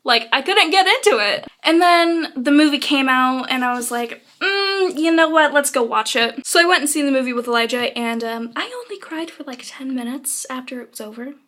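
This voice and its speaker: A woman's voice: high voice, brisk, few pauses, bright, forceful tone. A teenage girl with a bubbly, sarcastic, chatty manner, reviewing books in a casual vlog. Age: teens. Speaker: video blogger.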